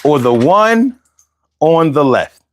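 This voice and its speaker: Animated slangy man hosting a livestream. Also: fairly high pitch, takes it slowly, slight background noise. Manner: animated, slangy, banters with viewers. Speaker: livestream host. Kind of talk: casual livestream chat reading comments.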